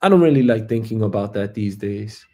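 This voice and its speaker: A man's voice: lowish voice, lively intonation, brisk, dark tone. A man hosting his own show, talking through a casual, reflective monologue with lots of fillers and some swearing. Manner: reflective, profane, rambling with many fillers. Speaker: show host.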